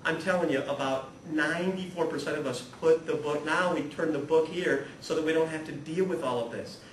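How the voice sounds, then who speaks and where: A man giving a humorous, animated spiritual talk to a live audience, acting out the people in his stories and swinging from hushed to loud. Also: fairly high pitch, brisk. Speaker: guest speaker at a spirituality talk series. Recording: echoey room, voice from far off, audible noise.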